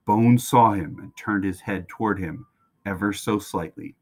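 Low-voiced man reading a storybook aloud. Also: measured pace. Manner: expressive, animated reading. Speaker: reader. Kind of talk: reading a children's book aloud.

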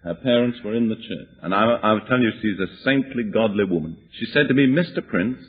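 Husky guy preacher telling a story w dry humor, thin phone-like old tape. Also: fairly low pitch, lively intonation, brisk. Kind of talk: sermon testimony. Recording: tinny lo-fi tape recording.

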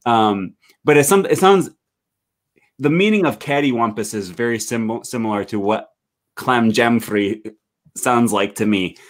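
A man hosting a casual chat, relaxed and curious, with many fillers. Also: medium pitch, measured pace. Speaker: host. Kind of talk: casual video call chat.

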